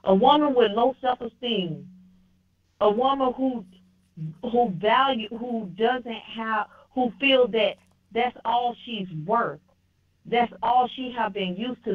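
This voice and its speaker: Brief: female caller, slow and opinionated, muffled phone sound. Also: on the high side. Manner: firm, opinionated, restarts often. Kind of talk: casual call-in phone talk. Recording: dull lo-fi phone line.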